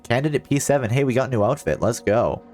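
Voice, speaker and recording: A man's voice: medium pitch, quick pace, darkish tone. A man streaming a video game, joking around and reading in-game documents aloud. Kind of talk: casual gameplay commentary.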